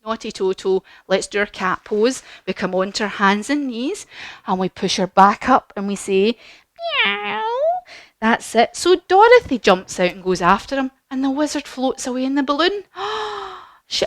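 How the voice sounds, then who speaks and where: A woman's voice: fairly high pitch, moderate pace, dry recording. Encouraging woman leading a kids' yoga story. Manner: animated, encouraging, sing-song storytelling. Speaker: kids yoga teacher. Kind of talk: storytelling yoga lesson for children.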